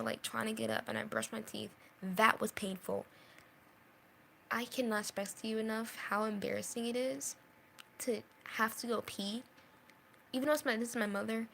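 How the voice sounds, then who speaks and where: A woman's voice: fairly high pitch, gravelly, a bit bright, a little hiss or hum. A young woman telling a storytime vlog in an earnest way, repeating phrases and dropping into whispers at painful moments. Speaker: vlogger.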